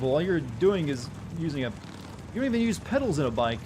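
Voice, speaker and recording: A man's voice: on the high side, very animated, brisk, background noise. A young man streaming a game, giving sarcastic commentary and mocking what happens on screen. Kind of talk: gameplay commentary.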